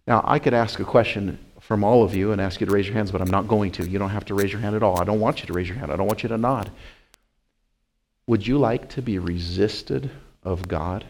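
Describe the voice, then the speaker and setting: A male pastor preaching a sermon in church, chatty and repetitive, asking the congregation questions and swinging between loud emphatic peaks and quiet intense asides. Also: on the low side, a little fast. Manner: conversational, repeats phrases, asks the congregation questions.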